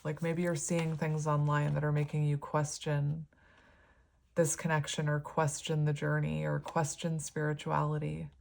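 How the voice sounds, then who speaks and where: A woman's voice: low voice, completely flat delivery, moderate pace, gravelly, darkish tone, slight background noise. A woman giving a casual tarot reading, talking in a rambling, filler-heavy way and easily moved. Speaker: tarot reader.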